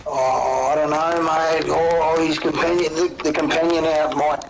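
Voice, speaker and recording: A man's voice: fairly high pitch, level tone, normal speed, creaky. Swearing Australian guy on voice chat. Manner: laid-back, swears a lot, teasing. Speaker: gamer. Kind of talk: casual voice chat while gaming. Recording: noisy voice-chat line.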